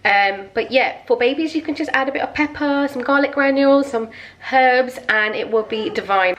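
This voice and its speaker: A woman's voice: sits high, moderate pace, noisy background. A young woman chatting casually to camera as a mum vlogger at home. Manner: chatty, sing-song baby talk with her toddler. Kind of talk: casual vlog chat.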